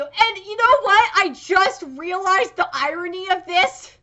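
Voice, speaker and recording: A young woman, a manga reaction vlogger, talking excitedly and swearing as she reacts, breaking into shrieks. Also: very high-pitched, measured pace, few pauses, muffled recording. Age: young adult. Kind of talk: live reaction vlog.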